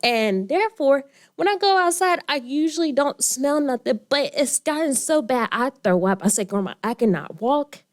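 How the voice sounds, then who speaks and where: A woman's voice: sits high, animated, moderate pace. A young woman speaking at a county meeting, emotional and crying as she pleads. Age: young adult. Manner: emotional, tearful plea. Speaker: public commenter. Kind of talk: public comment at a county meeting.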